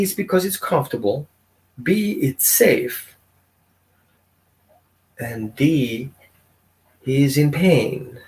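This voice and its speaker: A man teaching as a dog trainer in a casual, conversational way, often asking his audience questions. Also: on the high side. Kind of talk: informal teaching talk.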